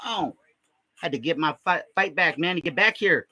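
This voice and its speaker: High, sharp-voiced man rambling crude jokes. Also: animated, moderate pace. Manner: crude, rambling, heavy profanity, constant filler "man". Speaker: comedy vlogger. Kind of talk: improvised comic storytelling.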